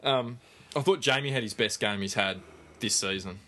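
A man's voice: on the low side, moderate pace, pushed and bright. A man hosting a casual sports podcast, chatty and swearing freely as he tells stories. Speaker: podcast host.

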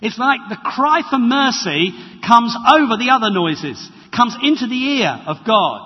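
Husky preacher in a church. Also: male voice, extremely high pitch, a little slow. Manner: conversational, animated preaching with dramatized quotes. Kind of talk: sermon. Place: church hall. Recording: reverberant, dull lo-fi church recording.

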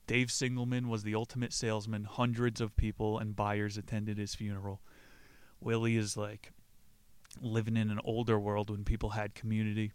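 A man's voice: fairly low pitch, flat delivery, moderate pace, clean tone, dry recording. A man hosting a podcast, retelling a play in a casual, profane way and laughing as he acts out the characters' lines. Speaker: podcast host.

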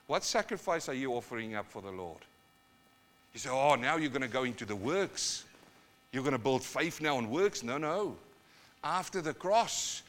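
Man, pastor, New Zealand accent, South African-born, live church sermon, dramatic swings in loudness. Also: mid-range voice. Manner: swings from quiet to loud urging, dramatic. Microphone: live sermon recording.

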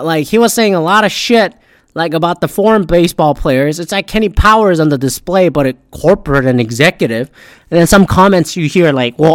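A sarcastic man rants in crude, swear-laden commentary like a podcast host. His voice sits a little higher than most men's. The sound is dry and close, with almost no room in it. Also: fairly bright tone, dry recording. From Pacific Northwest. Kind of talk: profane ranting commentary.

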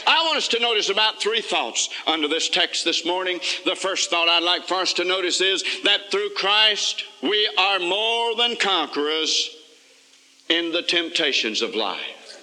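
A man's voice: on the high side, sharp tone. A man preaching a revival sermon with a rhythmic, repetitive cadence, recorded in a large church hall in 1982.

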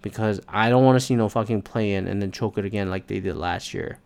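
A man hosting a solo sports podcast, ranting in frustration with heavy swearing and sudden loud outbursts. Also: on the low side, brisk, creaky. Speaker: podcast host.

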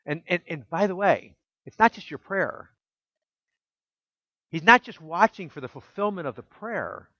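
A man preaching a sermon as pastor, emphatic and full of rhetorical questions, dropping soft and low when quoting scripture. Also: lively intonation, measured pace, long pauses, no room sound, dull audio.

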